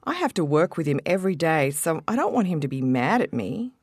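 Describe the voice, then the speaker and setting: Low-voiced Australian woman, lively delivery. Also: brisk, slightly rough, dry recording, studio quality. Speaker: textbook dialogue speaker. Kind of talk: scripted conversation for language learners.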